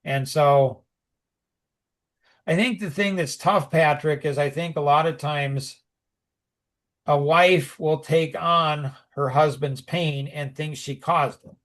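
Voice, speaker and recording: A middle-aged man with a slightly high voice, chatting loosely on a podcast. He rambles, circles back on himself and fills his talk with "like" and "you know," breaking into lively asides. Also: slow. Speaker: podcast co-host. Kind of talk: casual conversational podcast talk.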